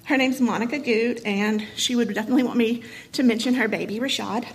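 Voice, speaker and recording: A woman in her thirties with a husky voice, telling a painful personal story to an audience, emotional and halting, with many pauses and fillers. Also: a little high, steady tone, rough recording. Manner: emotional, halting, many ums and you-knows.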